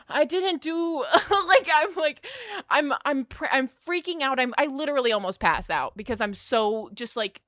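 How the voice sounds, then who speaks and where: A woman streamer telling a story casually to her live chat, animated and rambling, laughing often. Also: sits high, no echo, clean studio sound.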